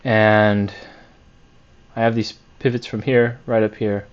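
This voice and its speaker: A man's voice: on the low side, level tone, slow, smooth, muffled recording. A man reviewing his week of trades on a chart, candid and self-critical, thinking aloud with fillers and restarts. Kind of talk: screen-share trade review.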